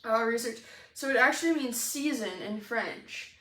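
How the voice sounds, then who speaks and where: A woman's voice: fairly high pitch, normal speed, fairly bright tone. Chatty, laughing woman in an echoey room. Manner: chatty, filler-heavy, laughs often. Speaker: co-host of a homebrewing show. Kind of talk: casual chat while tasting beer.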